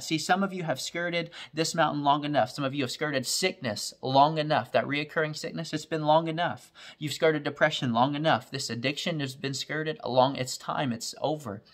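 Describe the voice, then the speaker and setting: A man's voice: fairly high pitch, moderate pace, few pauses. Fervent preacher man. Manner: fervent, repetitive preaching cadence. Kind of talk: recorded online sermon.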